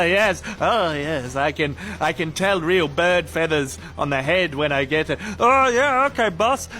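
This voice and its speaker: A man's voice: on the high side, sharp tone. A man with an Australian accent voicing a jolly, vampire-like leader cat who smugly relishes sniffing and inspecting a bird.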